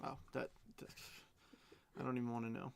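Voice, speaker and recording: Man, card break host, live stream auction chat, gravelly voice, mid pitch. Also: fairly even intonation, a little fast. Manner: chatty, calls out cards and bids.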